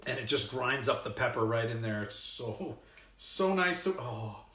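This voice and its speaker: A man hosting a casual home cooking show, excitable, exclaiming and laughing often as he chats to viewers in his kitchen. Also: mid-range voice, a little slow, echoey room. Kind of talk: casual cooking livestream chat.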